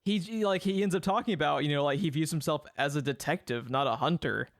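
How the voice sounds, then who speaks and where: Male podcast co-host, slightly high voice, rambling casual delivery, dry close mic. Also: quick pace, dry recording. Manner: rambling, laughs often, swears casually. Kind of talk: casual film review chat.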